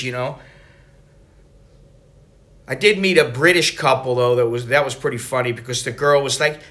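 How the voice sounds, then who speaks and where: A man's voice: mid-range voice, moderate pace, long pauses. A middle-aged American man talking casually in a travel vlog, rambling and profane as he tells stories. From United States. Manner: rambling, profane, animated storytelling. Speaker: travel vlogger.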